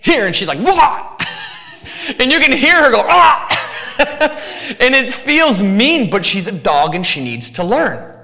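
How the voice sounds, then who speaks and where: A man preaching a sermon as pastor, talking in an animated, conversational way with asides. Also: sits high, moderate pace, in a large hall.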